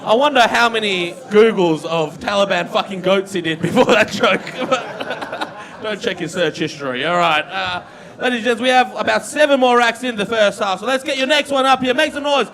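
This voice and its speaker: Aussie bloke hosting open mic, real high voice, crowd laughing behind. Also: male voice, normal speed. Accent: Australian. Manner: loose, swearing banter with the crowd. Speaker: comedy show host. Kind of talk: live stand-up hosting. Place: comedy club stage with live audience.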